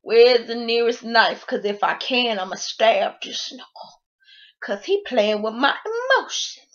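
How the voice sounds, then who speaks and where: A woman with a fairly high voice, telling a show recap in an excitable, slangy way and acting out the lines. The recording is dull and lo-fi. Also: a little slow. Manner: excitable storytelling, slangy, acts out quotes. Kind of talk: animated reality-show recap.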